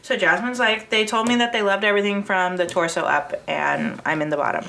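A woman casually chatting as podcast co-host, telling a story with lively acted-out quotes, frequent laughter and swearing. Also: medium pitch, brisk, creaky, slight background noise. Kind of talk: casual chat recapping a TV episode.

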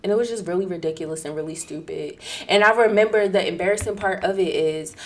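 A woman's voice: on the low side, fast talker. A young adult woman in casual chat, telling a story with slang and swearing, often laughing as she talks.

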